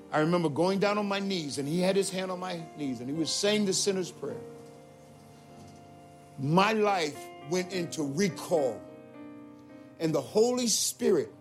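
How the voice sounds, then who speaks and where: A man telling his conversion testimony as a story, swinging between excited high retellings and low, solemn moments. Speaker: testimony speaker. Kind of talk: spoken testimony.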